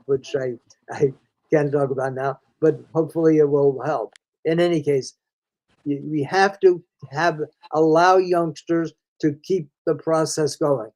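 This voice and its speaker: A man's voice: fairly high pitch, a little mellow, poor audio. An older man, a reading specialist, explaining in a folksy conversational way, calling the listener "friend" and restarting his sentences often.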